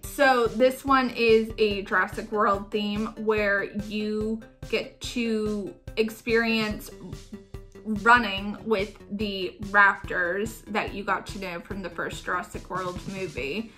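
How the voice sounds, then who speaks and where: Slow, bright-voiced woman. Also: medium pitch, faint music behind. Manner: calm, explanatory. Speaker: theme park vlogger. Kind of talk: casual group chat.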